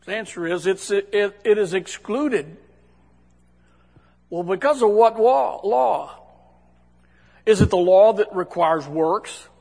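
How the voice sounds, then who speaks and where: A man gives a sermon in a folksy, conversational manner, often restarting his sentences. His voice is high and somewhat husky. A long reverb fills the church hall around him. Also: animated, takes it slowly, long pauses, a little mellow. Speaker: preacher.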